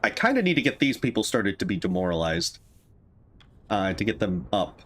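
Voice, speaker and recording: Brief: male streamer, casual gameplay talk, lively varied pitch, mulling decisions aloud. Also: normal speed, a little hiss or hum. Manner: thinking aloud, musing over choices. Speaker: streamer playing a game.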